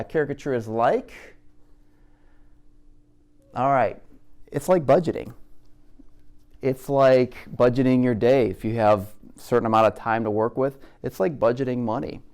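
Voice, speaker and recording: A man's voice: medium pitch, darkish tone. A man giving a live caricature demonstration to an art group, speaking conversationally, making jokes and asking the audience questions. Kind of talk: live teaching talk to an audience.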